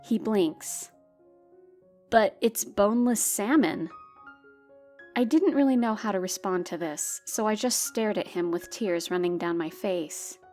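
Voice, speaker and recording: A woman's voice: fairly low pitch, normal speed, hardly any pauses, dark tone. A woman narrating a true-life story in a wry, exasperated storytelling manner. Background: faint background music.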